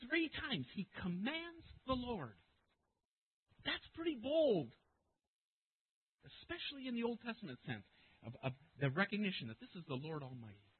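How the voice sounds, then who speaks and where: A man with a husky, high voice preaches with lively, swooping pitch and emphatic bursts of volume. The sound is narrow and tinny, like it is coming over a phone line. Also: moderate pace, long pauses. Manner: emphatic, rising to loud bursts when quoting scripture. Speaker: pastor. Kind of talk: sermon.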